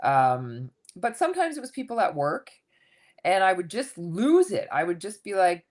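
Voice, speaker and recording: A woman's voice: fairly low pitch, unhurried. A woman in her fifties telling her own story candidly as a guest in a casual interview, acting out what people said. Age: 50s. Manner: candid, animated storytelling with acted quotes. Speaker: guest coach.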